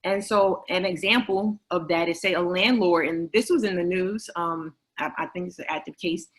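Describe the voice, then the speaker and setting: A woman presenting a fair housing webinar, explaining in a measured way with occasional fillers. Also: lowish voice, fairly even intonation, rough recording. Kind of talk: webinar lecture.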